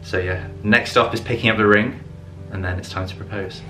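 A young man in casual vlog talk, earnest and excited, laughing often. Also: lowish voice, fairly quick, over music. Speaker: vlogger.

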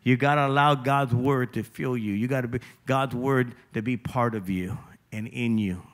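A male pastor preaching a sermon, driving points home with emphatic repetition and shifting between loud declarations and quieter personal appeals. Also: medium pitch, moderate pace.

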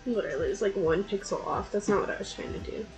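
A woman's voice: medium pitch, fast, soft background music, poor audio. A young woman streamer chatting casually with her viewers as she draws, laughing often and poking fun at herself. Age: young adult. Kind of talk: casual chat while drawing.

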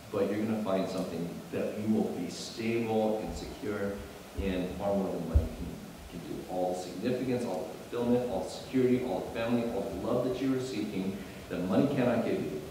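A man preaching a sermon as pastor, animated and building to emphatic bursts, often restarting his phrases. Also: lowish voice, a little hiss or hum. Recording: echoey hall, mic at a distance.

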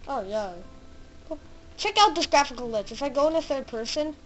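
A woman hosting a casual gameplay let's play, excitable and easily frightened, chattering to the animals in the game. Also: high voice, takes it slowly, long pauses, low-quality recording.

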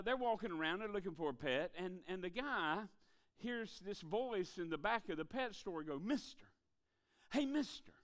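A man preaching a revival sermon in a church, telling jokes in a folksy, animated way. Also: high-pitched, clean tone. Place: church sanctuary.

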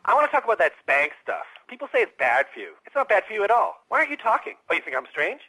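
A touchy conspiracy-nut caller for a game radio spoof: high, swooping, husky, combative. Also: male voice, wildly swooping pitch, racing, bright, forceful tone, heavily acted, rough recording. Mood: ranting. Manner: ranting, accusing, defensive.

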